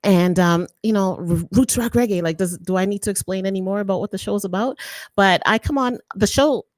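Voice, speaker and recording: A woman hosting a podcast, chatting casually in a playful, excitable way. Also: mid-range voice, fairly quick, no echo. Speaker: podcast host and radio presenter. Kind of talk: casual chat.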